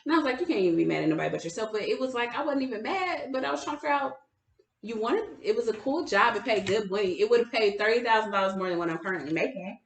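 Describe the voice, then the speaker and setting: A woman's voice: a little high, fast talker, a little hiss or hum. A woman co-hosting a podcast in casual chat, telling a candid, profane story about her own life. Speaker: podcast co-host. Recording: echoey room.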